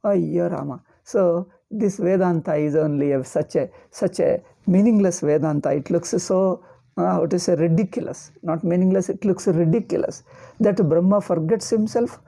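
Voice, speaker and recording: Mellow-voiced woman teaching scripture. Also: fairly low pitch, moderate pace. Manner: explanatory, repeats phrases, checks in with "okay?". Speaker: Vedanta teacher. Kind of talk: scripture commentary lecture.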